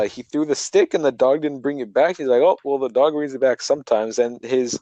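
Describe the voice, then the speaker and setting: Animated young man telling stories. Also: medium pitch, no echo, lo-fi sound. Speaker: podcast co-host. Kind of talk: casual storytelling chat.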